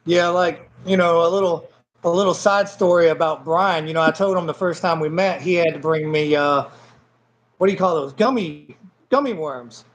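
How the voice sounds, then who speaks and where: Blunt Southern man, high voice. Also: moderate pace, poor audio. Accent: Southern American. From Southern United States. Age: 40s. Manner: blunt, profane, laughs often. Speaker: guest wrestler. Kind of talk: casual chat.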